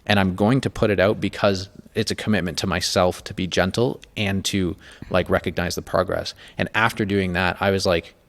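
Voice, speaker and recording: Man, podcast host, low gravelly voice, candid and emotional, casual cursing. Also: normal speed. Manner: candid, emotional, swears often, animated.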